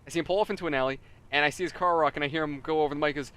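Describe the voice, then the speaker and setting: A man's voice: on the high side, steady tone, racing, a bit bright, slight background noise. A man hosting a gaming video, telling a story in casual chat with lots of laughter and voiced quotes. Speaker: let's play host.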